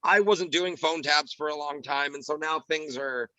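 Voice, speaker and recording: A man talking quickly and with animation in a casual podcast chat, a comedian and radio host. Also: a little high, no echo, muffled recording. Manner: animated, quick, drops into character voices.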